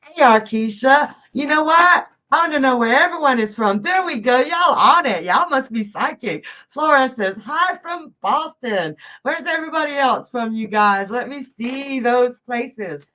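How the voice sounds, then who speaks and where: A woman's voice: sits high, lively intonation, a little slow, hardly any pauses, sharp tone, dull audio. A woman from Georgia, hosting a live psychic stream and chatting effusively with viewers, laughing often. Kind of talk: casual live-stream chat reading viewer comments.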